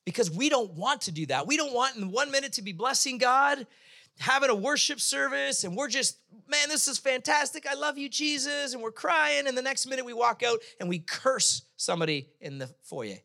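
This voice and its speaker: A man preaching a sermon in a casual, humorous way, sometimes acting out quick voices. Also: very high-pitched, animated, vocal fry, bright, forceful tone. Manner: conversational, humorous preaching with sudden bursts of acted voices. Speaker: pastor.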